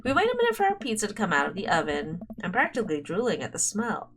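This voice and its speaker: A woman's voice: mid-range voice, huge pitch swings, fast talker. Giggly young woman reading a dating game. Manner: giggly, playful, frequent laughter. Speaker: streamer. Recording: faint game music behind.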